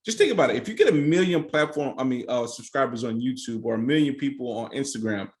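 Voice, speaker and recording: Guy guest on a podcast, talks emphatic, pitch jumps up when excited. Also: fast. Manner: animated, emphatic explaining. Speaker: guest, social media strategist. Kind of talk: casual interview chat.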